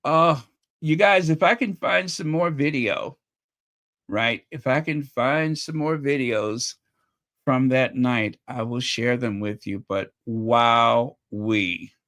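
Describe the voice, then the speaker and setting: Emotional slow-talking man host. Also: medium pitch, fairly bright tone. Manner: chatty, openly emotional, repeats phrases. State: voice getting strained. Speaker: channel host reacting to video clips. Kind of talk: casual reaction commentary.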